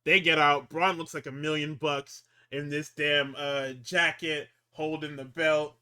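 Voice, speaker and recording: A man co-hosts a wrestling podcast, casually recapping shows in a rambling, profane chat where he swears constantly, stumbles, and restarts. His voice is a little high and smooth, pushed and bright, with little pitch movement and an unhurried pace.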